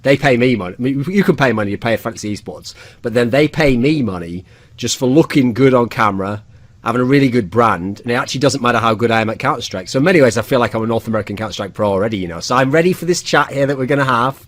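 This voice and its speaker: Teasing podcast host. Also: male voice, mid-range voice, lively intonation, fast talker. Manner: teasing, joking, lots of laughing asides. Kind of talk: casual podcast chat.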